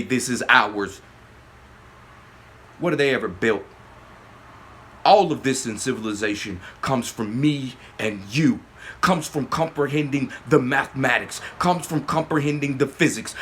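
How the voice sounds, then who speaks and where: A man hosting his own channel, giving a spiritual monologue, often asking "yes?", swinging between loud emphatic bursts and low murmurs. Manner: slow, repeating "yes?" often. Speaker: channel host.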